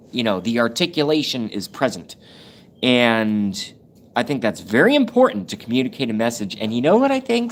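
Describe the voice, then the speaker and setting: A man hosting a livestream, ranting and reading chat aloud, rambling and profane, with sudden jumps in pitch and loudness. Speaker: livestream host.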